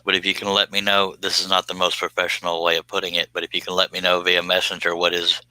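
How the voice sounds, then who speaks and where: Man, livestream host, deep voice, plainspoken and joking, dry close sound. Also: completely flat delivery, fast, bright, forceful tone, no room sound, rough recording. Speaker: livestream host answering chat. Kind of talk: casual livestream chat while working.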